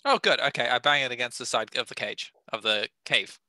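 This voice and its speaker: Bright-voiced joking male player. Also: medium pitch, lively intonation, brisk, dry recording. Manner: joking, playful banter. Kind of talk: playing a tabletop game.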